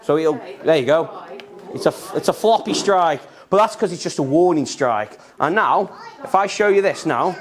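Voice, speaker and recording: A man's voice: a little high, expressive, moderate pace. A young man giving an enthusiastic, repetitive live talk about snakes while handling animals in a museum room. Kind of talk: live educational talk to children.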